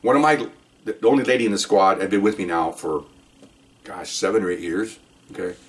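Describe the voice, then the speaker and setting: In a casual storytelling monologue, an older retired police officer rambles animatedly, repeatedly tacking on "okay?" to check in. His voice is deep and a little fast, picked up by a distant mic.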